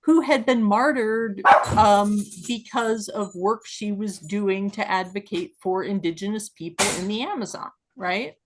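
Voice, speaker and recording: A woman co-hosting a casual discussion podcast, explaining at length with many fillers and growing animated when she makes a point. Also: mid-range voice, measured pace, few pauses, heavy background noise. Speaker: podcast co-host.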